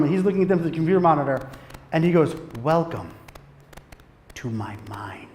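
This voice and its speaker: High-voiced animated man in a reverberant hall. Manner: animated storytelling, laughing, swearing freely. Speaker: guest speaker on filmmaking. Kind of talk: casual conference talk. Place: conference room.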